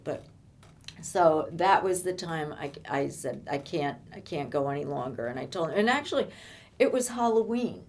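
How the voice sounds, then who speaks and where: An older woman telling her own life story in conversation, halting and often repeating words as she restarts. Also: on the low side, a little mellow. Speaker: interviewee.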